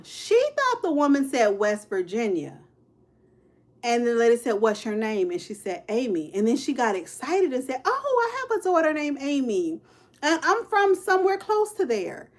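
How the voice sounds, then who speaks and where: A woman in her fifties hosting a casual true-crime livestream, speaking straight to her viewers with "y'all", "child" and "honey" and answering their comments as she goes. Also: on the high side. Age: 50s. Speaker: livestream host.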